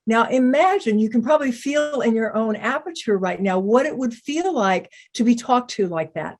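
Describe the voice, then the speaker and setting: A woman speaking calmly and deliberately, explaining how to stay open in difficult conversations. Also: on the high side. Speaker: psychiatrist teaching communication. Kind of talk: calm explanatory talk.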